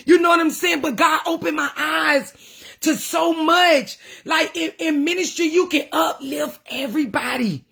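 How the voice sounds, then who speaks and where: A woman's voice: high voice, measured pace, creaky, a bit bright. A woman minister talking casually to her followers, passionate and preachy, emotional at times. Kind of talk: casual livestream talk.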